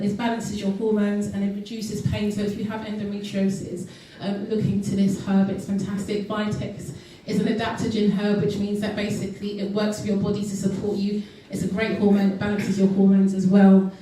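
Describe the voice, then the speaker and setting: A woman speaks earnestly at an event, talking casually with many ums and self-corrections. Her voice is mellow and dark. She is recorded from a distance in a very echoey hall. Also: medium pitch, level tone, normal speed, few pauses, slight background noise. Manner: earnest, with frequent ums and restarts. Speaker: guest speaker. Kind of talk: casual health talk to an audience.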